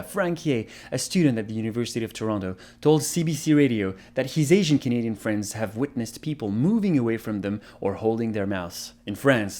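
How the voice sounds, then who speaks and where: Earnest man with a lively voice. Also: medium pitch. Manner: earnest and impassioned. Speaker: video creator. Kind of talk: personal commentary vlog.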